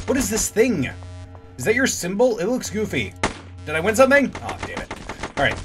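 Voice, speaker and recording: A man's voice: mid-range voice, expressive, fairly quick, long pauses, over music. A man giving casual let's-play commentary, joking and sarcastic, with swearing and sudden yelps. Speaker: gaming channel host.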